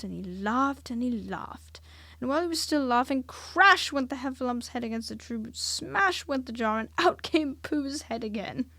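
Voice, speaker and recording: A woman reading a children's storybook aloud, expressive and dropping to hushed whispers at tense moments. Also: fairly high pitch, dry recording.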